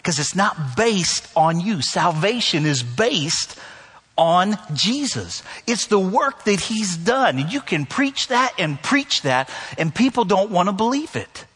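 Husky-voiced preacher in a reverberant hall. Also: male voice, high-pitched, sing-song, slow, fairly bright tone. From northern United States. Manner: conversational preaching with humor and emphatic repetition. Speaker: pastor. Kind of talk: sermon. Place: church sanctuary.

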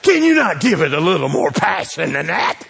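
A middle-aged man, preaching a sermon that swings between loud exhortation and hushed asides. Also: fairly high pitch, big pitch swings, moderate pace, creaky, breathy edge, big-room sound. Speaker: pastor.

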